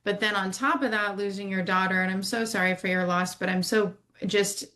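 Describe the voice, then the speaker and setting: A woman hosting a podcast interview, speaking in a measured, reflective way. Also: medium pitch, fairly even intonation, sharp tone. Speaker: podcast host.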